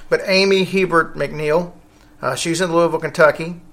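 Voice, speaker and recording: A man's voice: on the high side, fairly even intonation, moderate pace, a bit bright. A man hosting a casual podcast, rambling along with fillers and self-corrections. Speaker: podcast host.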